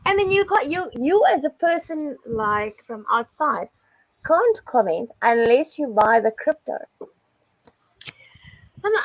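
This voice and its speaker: A woman hosting a casual group chat, talking in an animated way, laughing often and swearing freely. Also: high-pitched, unhurried, no room sound, poor audio. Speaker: host.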